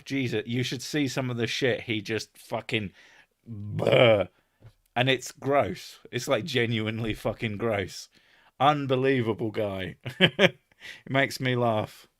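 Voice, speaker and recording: A man's voice: medium pitch, steady tone, a little slow, a bit bright. An English man chatting casually on a live stream, swearing often and laughing as he rambles. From England.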